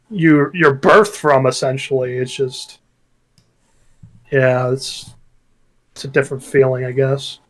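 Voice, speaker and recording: Man, guest author, casual chat, reflective, searching for words, mid pitch. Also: poor audio.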